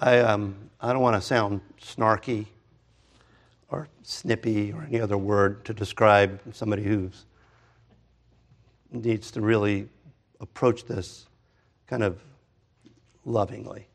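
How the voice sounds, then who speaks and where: A pastor in his fifties preaching a conversational sermon, animated and full of restarts and asides. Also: lowish voice, measured pace, vocal fry, long pauses.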